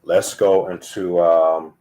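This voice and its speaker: Guy preaching casual, lowish voice, scolds y'all, repeats stuff and cusses. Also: level tone, takes it slowly, dark tone. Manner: emphatic, repetitive, scolding, swears freely. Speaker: lay preacher.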